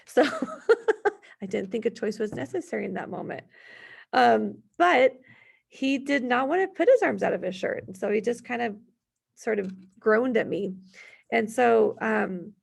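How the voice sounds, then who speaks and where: A woman's voice: fairly high pitch, big pitch swings, measured pace, gravelly, slightly rough. A woman in her thirties presenting a parenting workshop, chatty and telling family stories between her examples. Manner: chatty, storytelling, gives worded examples.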